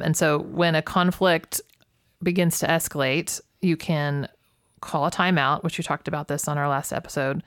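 A woman co-teaching a communication method on a podcast, calm and affirming, often agreeing with her co-host. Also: deep voice, no echo, clean studio sound. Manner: calm, affirming, many mm-hmms.

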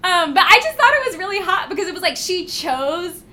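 A woman's voice: extremely high pitch, fairly quick. A young adult woman co-hosting a podcast, chatting casually and giggling as she retells a book. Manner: giggly, animated storytelling. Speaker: podcast co-host. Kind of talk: casual chat about a book.

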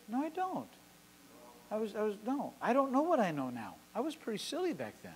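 A man's voice: sits high, huge pitch swings, fast, slight background noise. Impassioned older man preaching in a hall. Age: 60s. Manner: impassioned storytelling with sudden loud peaks and quiet drops. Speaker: pastor. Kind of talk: sermon. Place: church service. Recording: long hall reverb.

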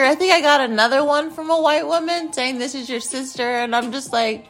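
A woman's voice: high voice, fairly quick, hardly any pauses, fairly bright tone, soft background music. A young woman hosting a podcast, telling a personal story in a candid, profane and emotional way, full of filler words. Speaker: podcast host.

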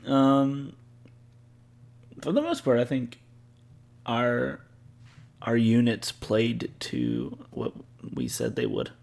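Young co-host, gravelly voice, teasing and laid-back. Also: male voice, medium pitch, sing-song, takes it slowly, pauses often, a little mellow. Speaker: podcast co-host. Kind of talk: casual sports chat.

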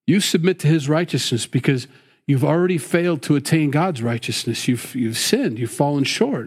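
A man's voice: medium pitch, darkish tone, slightly rough. A middle-aged man preaching a sermon in a folksy, conversational way, dropping "you know" and "boy" as he goes. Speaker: pastor.

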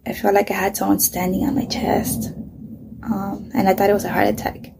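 A woman's voice: medium pitch, level tone, brisk, creaky, noisy background. A woman in her thirties, speaking bluntly and with lots of swearing, who often drops to a whisper while telling her story. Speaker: vlogger. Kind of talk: casual storytelling.

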